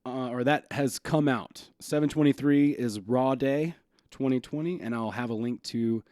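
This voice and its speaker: A man hosting a podcast, talking in an excited, chatty way with lots of fillers and quick laughs. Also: medium pitch, dry recording. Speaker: podcast host. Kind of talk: casual podcast chat.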